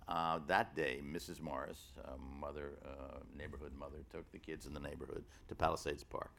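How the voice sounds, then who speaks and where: Gravelly deep-voiced man, halting storyteller. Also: fairly bright tone, a little hiss or hum. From New York City. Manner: halting and rambling, many fillers and restarts; wry storyteller. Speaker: author in a public conversation. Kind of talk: live onstage conversation.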